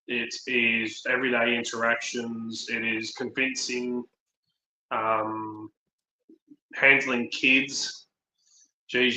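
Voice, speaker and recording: Man, chatty storyteller, filler-heavy, bright tone, echoey recording. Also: mid-range voice, a little hiss or hum. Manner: rambling anecdotes, frequent ums, acts out dialogue. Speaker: podcast co-host. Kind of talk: casual chat, storytelling. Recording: roomy echo.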